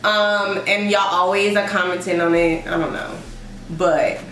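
A woman's voice: fairly low pitch, steady tone, measured pace, a bit bright, roomy sound, a little hiss or hum. Chatty young LA woman vlogging. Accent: Los Angeles. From Los Angeles. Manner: chatty, addresses viewers as y'all. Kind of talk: casual vlog chat to camera.

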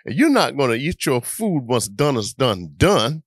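A man's voice: medium pitch, big pitch swings, measured pace, no echo, studio quality. An older man voicing a patient mother telling her boys dinner isn't ready.

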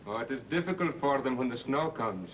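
An older man speaking gently and kindly in a 1930s film. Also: mid-range voice, animated, brisk. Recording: dull old film soundtrack with clear hiss.

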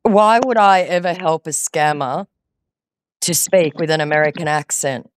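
A woman's voice: low-pitched, moderate pace, no room sound, clean studio sound. A woman baiting a scammer on a phone call, sarcastic and patronizing, scolding him. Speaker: scam baiter.

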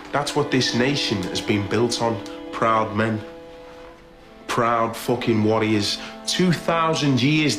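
A man's voice: medium pitch, natural voice. A man playing a furious skinhead ringleader. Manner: ranting, aggressive, heavy swearing. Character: menacing adult male skinhead ringleader, volatile. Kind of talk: film drama acting.

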